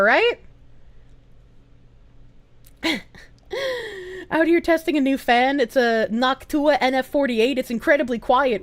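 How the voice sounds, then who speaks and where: Giggly high-voiced woman streamer. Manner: giggly, chatty, reads chat aloud. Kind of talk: casual live-stream chat.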